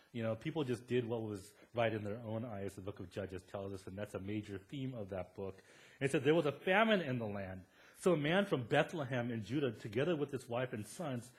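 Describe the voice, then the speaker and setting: A man preaching a sermon as a pastor in a church. He retells a Bible story in a lively way and acts out the characters' words in a raised voice. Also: mid-range voice. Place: church sanctuary.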